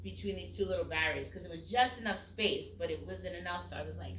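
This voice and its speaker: A woman's voice: lowish voice, fast talker. A young woman, a singer, talking candidly and ramblingly as a podcast guest, with many fillers and casual swearing. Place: Costa Rica, outdoors or open room with crickets. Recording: echoey room with loud cricket noise.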